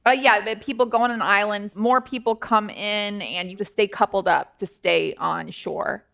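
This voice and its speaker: A woman's voice: medium pitch, steady tone, moderate pace, creaky, a bit bright. A woman bantering playfully as a guest on a comedy podcast. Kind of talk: casual comedic chat.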